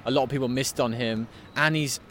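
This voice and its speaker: A man's voice: medium pitch, steady tone, brisk, a bit bright, a little hiss or hum. A man, hosting a sports podcast interview at an arena, asking questions in a teasing, conversational way. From England. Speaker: podcast host. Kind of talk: casual interview chat. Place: sports arena after a game.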